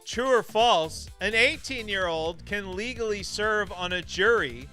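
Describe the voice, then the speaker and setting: Bright upbeat male trivia host. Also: sits high, lively intonation, faint music behind. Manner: upbeat, laughing, drawn-out question reading. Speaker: show host. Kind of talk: casual live-stream trivia hosting.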